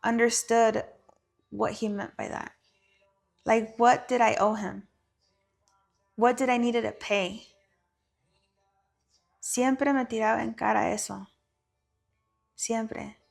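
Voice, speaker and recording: A woman with a gravelly, slightly high voice tells her own story frankly, swearing freely and slipping in Spanish phrases. She speaks as a guest over faint background music. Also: steady tone, slow, pauses often. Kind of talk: candid personal storytelling.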